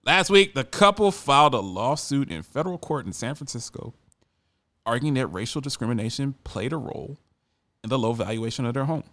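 A man's voice: medium pitch, lively intonation, fairly quick, fairly bright tone. A man hosting a radio talk show, reading a news article aloud and breaking off into fired-up, laughing asides, sometimes stumbling over his words.

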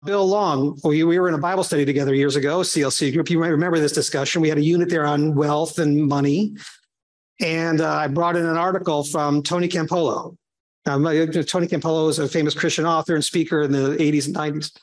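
Man, high-pitched voice, Bible study teacher, conversational, lively quoted voices, frequent asides. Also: quick pace. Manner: animated, acts out quotes in shifting voices.

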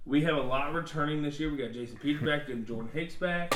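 A man's voice: fairly high pitch, fast talker, a bit bright. A man co-hosting a podcast, talking sports loosely and profanely, trailing off mid-sentence, a little congested. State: congested from allergies. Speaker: podcast co-host. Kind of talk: casual sports chat. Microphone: studio microphone.

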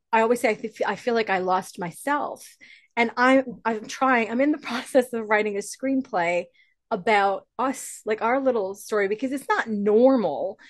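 A woman guest in a casual interview, telling personal stories in a lively way and swearing now and then. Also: on the high side, no room sound, studio quality. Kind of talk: casual storytelling chat.

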